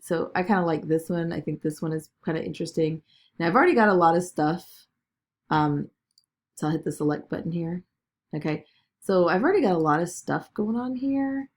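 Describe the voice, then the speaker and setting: A woman giving a chatty screen-recorded software tutorial, talking through each click with lots of "okay" and "all right". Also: low-pitched, brisk. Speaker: business video tutor.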